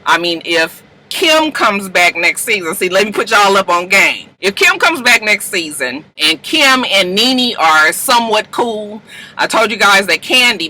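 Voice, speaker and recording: Woman vlogger, very bright and sharp-toned, brash and wired on coffee, rambling recap with sudden squeals. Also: rough recording. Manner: chatty and brash, swears freely, jumps to high-pitched outbursts. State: wired on coffee, talking fast. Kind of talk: casual rambling commentary.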